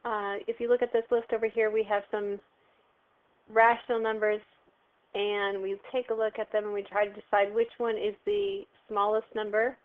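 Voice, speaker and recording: A woman's voice: medium pitch, level tone, moderate pace, clear, resonant tone. A woman teacher walking students through a recorded math lesson, patient and step by step, asking questions and answering them herself. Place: home, phone heard behind. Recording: tinny phone-like sound.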